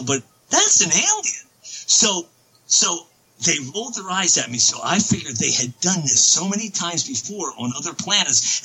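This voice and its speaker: A man telling a long personal story as an interview guest, excitable and rambling, full of restarts and asides. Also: high-pitched, low-quality recording. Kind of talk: casual storytelling on a podcast.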